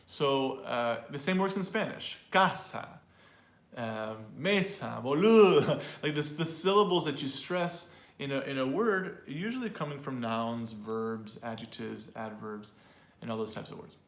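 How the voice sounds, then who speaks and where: In an online pronunciation lesson, a male teacher and host speaks in a mid-range, fairly bright voice at a measured pace. Chatty and relaxed, with fillers and small laughs, he repeats sample phrases to model their sound. The audio is reverberant.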